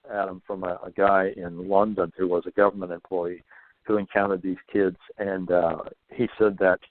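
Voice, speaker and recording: A man with a lowish voice explains things in a casual interview, pausing and repeating words as he thinks. The sound is dry and thin, like a phone line. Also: no room sound. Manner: thoughtful, stumbles and repeats words. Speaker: guest author on paranormal folklore.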